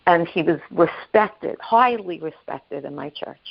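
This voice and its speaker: Gravelly woman telling a personal story. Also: lowish voice, animated, muffled recording. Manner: halting, repeats herself, acts out quoted voices. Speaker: guest sharing her story. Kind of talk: emotional personal testimony on a podcast.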